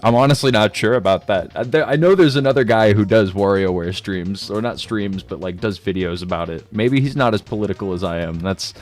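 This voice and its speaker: A man's voice: lowish voice, fairly quick, hardly any pauses, soft background music. A man streaming a game and chatting casually, laid-back and slangy, joking at his own expense and laughing often.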